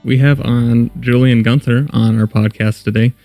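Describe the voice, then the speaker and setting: A man's voice: mid-range voice, normal speed, vocal fry, no room sound, faint music behind. A man hosting a podcast, chatting casually while tasting coffee and reading an episode intro. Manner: relaxed, tasting and describing coffee. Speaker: podcast host. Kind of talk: casual chat and scripted intro.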